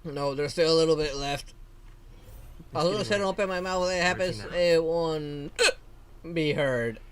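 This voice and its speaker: A male VTuber streamer reading game dialogue aloud slowly, with casual commentary, laughs and mild swearing. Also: fairly high pitch, a little hiss or hum. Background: faint game music.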